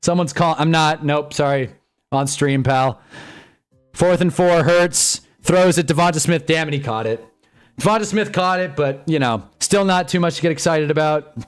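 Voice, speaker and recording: A young man hosting a live stream, commenting on a football game as he watches, swinging from glum muttering to excited shouting. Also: on the high side, moderate pace, clear, resonant tone, soft background music.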